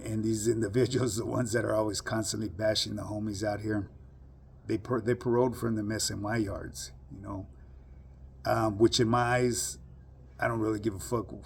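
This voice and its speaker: A man's voice: on the low side, vocal fry, slightly rough. A man giving a blunt, profane monologue full of street slang to his online audience. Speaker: social media commentator. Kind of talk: casual monologue to camera.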